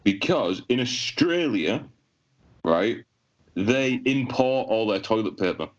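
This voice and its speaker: A man, a podcast co-host telling crude jokes in casual banter with a deadpan delivery. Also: lowish voice, slow pace. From England. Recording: dull lo-fi sound.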